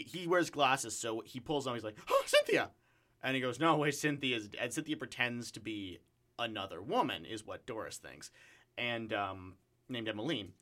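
A man with a bright, forward voice chats casually as a guest actor. He rambles through stage anecdotes full of "like" and "um," at an ordinary middle pitch. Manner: chatty anecdotal storytelling with frequent fillers. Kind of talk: casual chat.

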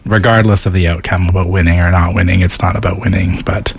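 Man radio guest, very deep voice, halting, lots of ums. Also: level tone, vocal fry, a little hiss or hum. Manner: joking, halting, many fillers. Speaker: studio guest, business owner. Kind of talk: casual interview. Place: radio studio booth.

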